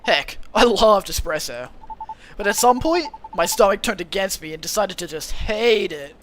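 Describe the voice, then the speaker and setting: A man's voice: high voice, big pitch swings, moderate pace, fairly bright tone, a little hiss or hum. Man doing a chill satyr surfer dude. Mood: chatty. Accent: put-on Californian. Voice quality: bleating, goat-like drawl. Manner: upbeat, easygoing slang. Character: laid-back young male satyr surfer dude.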